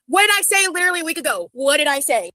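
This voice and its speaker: A woman in her thirties chatting casually as she reacts to her own old videos, rambling and quick. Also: high-pitched, big pitch swings, pushed and bright, no echo, rough recording. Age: 30s.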